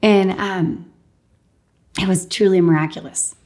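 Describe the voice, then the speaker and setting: A woman with a middle-pitched voice tells her own story as an interview guest. She is animated and laughs often, and she acts out what other people said. Her speech is loose and chatty, full of "like" and "um". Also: measured pace. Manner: fills speech with "like" and "um". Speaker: guest sharing a healing testimony. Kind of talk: casual personal storytelling.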